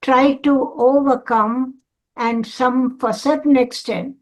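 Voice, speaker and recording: An older woman in a study group on a video call, asking a question in a halting way while searching for words. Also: sits high, steady tone.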